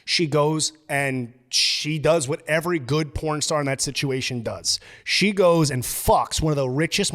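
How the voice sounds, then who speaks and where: A man's voice: on the high side, measured pace, few pauses, a bit bright. A man hosting a podcast, ranting in a casual, emphatic and profane way. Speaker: podcast host.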